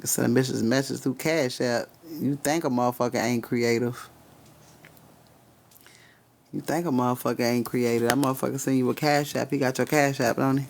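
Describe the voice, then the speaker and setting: A man's voice: mid-range voice, little pitch movement, moderate pace, creaky, a little hiss or hum. A man giving spiritual readings on a casual live stream, cursing freely, laughing often and talking straight to his chat.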